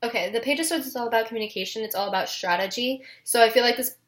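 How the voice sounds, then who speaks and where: A woman's voice: fairly high pitch, very fast. A young woman reading tarot cards in a casual vlog, emotional and giggly, with many fillers. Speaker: tarot reader.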